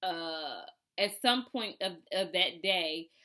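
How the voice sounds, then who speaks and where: Chatty woman with a bright voice. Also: on the low side, slow. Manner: chatty, animated, acts out her own reactions. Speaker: vlogger. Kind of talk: casual storytime vlog.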